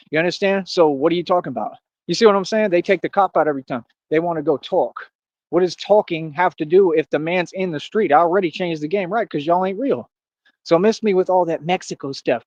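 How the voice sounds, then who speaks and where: A man's voice: sits high, a little mellow, dry recording. A man ranting on a stream in casual street slang, boastful and confrontational, calling out critics with lots of "like" and "bro". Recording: dull lo-fi stream audio.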